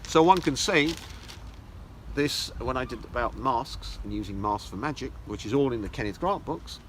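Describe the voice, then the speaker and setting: A man's voice: mid-range voice, animated, normal speed, slight background noise. A man giving a mocking lecture, reading articles aloud with scornful, sarcastic asides. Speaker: esoteric teacher.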